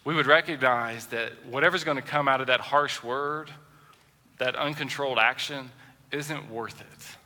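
A man preaching a sermon as a pastor, animated and acting out the voices he quotes. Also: medium pitch, moderate pace, in a large hall. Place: church sanctuary.

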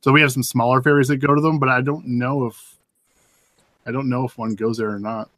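A man's voice: medium pitch, steady tone, fairly quick, a bit bright, no echo. Chatty man, dry close sound. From British Columbia, Canada. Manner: chatty, explains at length with restarts. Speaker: podcast co-host. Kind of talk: casual group chat.

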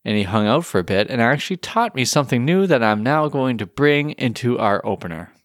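A man's voice: mid-range voice, lively intonation, brisk, no room sound, studio quality. A man co-hosting a podcast in casual chat, joking and self-deprecating. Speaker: podcast co-host.

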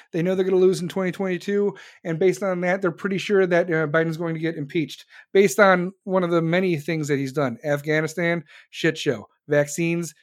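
An American host ranting about politics to viewers, blunt and sarcastic, with heavy swearing. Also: medium pitch. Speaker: online show host. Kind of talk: profane political rant to viewers.

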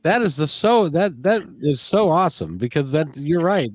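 A man's voice: on the high side, expressive, normal speed. A man hosting a spiritual conversation, earnest, often repeating words as he thinks. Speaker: podcast host.

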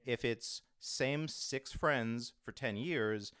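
A man hosting a casual roundtable chat about tabletop games, explaining things briskly. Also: mid-range voice, fairly bright tone, smooth, no echo, clean studio sound. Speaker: podcast host and game master.

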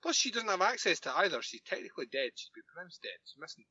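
Sharp-voiced wry man, dry lo-fi mic. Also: high voice, sing-song, quick pace, slightly rough, no room sound. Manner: wry, picks holes in the plot, sarcastic asides. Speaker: podcast co-host. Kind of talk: casual chat recapping a TV episode.

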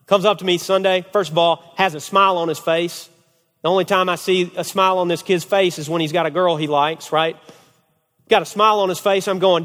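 A man's voice: high voice, a little fast, in a large hall. A man who is a family pastor, preaching to a group of men, telling stories with energy and often checking in with "okay?". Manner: animated storytelling, repeated "okay?". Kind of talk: sermon to a men's group.

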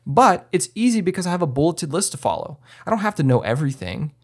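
A man's voice: a little high, very animated, quick pace. Chatty man hosting a podcast. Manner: conversational, many fillers and restarts, acts out his own directions. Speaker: podcast host, filmmaker. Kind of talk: casual instructional talk.

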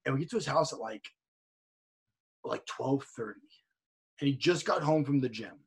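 A man speaking as a guest over a video call, telling a story in an energetic, profane way and repeating words as he goes. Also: medium pitch, moderate pace, creaky, slightly rough. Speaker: guest, streamer and wrestler. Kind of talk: casual storytelling chat.

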